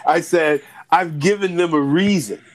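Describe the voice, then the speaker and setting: A man's voice: a little high, unhurried. A man, a political and legal analyst, talking emphatically in a candid discussion and firing off repeated rhetorical questions.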